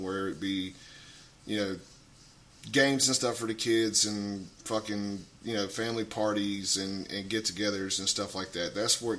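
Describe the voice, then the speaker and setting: Profane, rambling bright-voiced man. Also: fairly low pitch, slight background noise. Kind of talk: casual radio talk.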